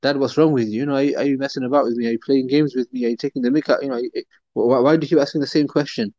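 A man's voice: mid-range voice, steady tone, rapid-fire, a little mellow, dry recording, close to an everyday voice. A man voicing an impatient grown son questioning his father in a story. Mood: frustrated. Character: frustrated adult son, impatient. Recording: dull, dry recording.

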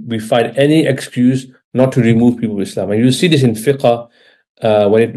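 A man's voice: medium pitch, mellow. A man giving an informal religious lecture, talking conversationally and often checking in with his listeners. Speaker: Islamic religious teacher. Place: Britain.

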